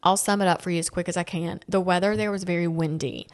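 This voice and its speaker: A woman hosting a family podcast, telling stories in a casual, animated way, quoting people and laughing often. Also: fairly low pitch, fast. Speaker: podcast host. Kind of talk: casual chat.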